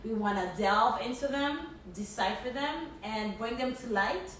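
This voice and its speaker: A woman co-hosting a casual podcast speaks earnestly and with emphasis, often restarting her words, in a fairly bright voice on the high side, unhurried. The recording is echoey, with a distant mic and faint hiss.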